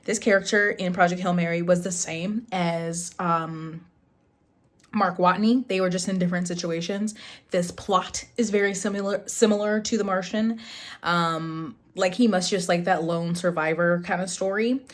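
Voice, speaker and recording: A woman's voice: on the low side, steady tone, moderate pace. A young adult woman vlogging casually about books, blunt and exasperated, swearing freely. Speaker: booktube vlogger. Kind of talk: casual reading vlog and review.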